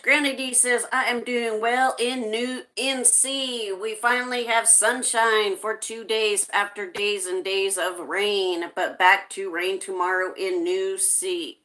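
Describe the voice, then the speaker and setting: A woman with a bright, forward, mid-range voice runs a live stream. She takes her time reading chat messages from viewers and welcomes each new arrival by name.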